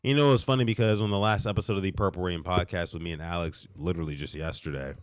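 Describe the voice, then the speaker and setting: Man, hoarse, under the weather, low voice, dry close sound, exasperated sports-stream ranting. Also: quick pace, no room sound. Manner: animated, exasperated ranting with repeated restarts. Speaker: podcast host. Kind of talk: late-night live sports reaction stream.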